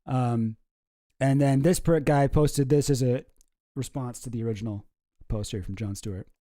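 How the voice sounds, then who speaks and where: A man hosts a casual comedic YouTube commentary video, rambling wryly and often cutting himself off mid-sentence. His medium-pitched voice is warm, with fairly even intonation and a moderate pace. The sound is studio quality, with no echo.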